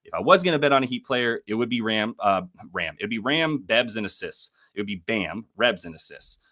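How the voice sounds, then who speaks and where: A man's voice: lowish voice, expressive, fairly quick, pushed and bright. A man hosting a live sports betting stream, talking loosely and profanely with lots of fillers and self-corrections. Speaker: sports betting show host. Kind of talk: casual live-stream commentary.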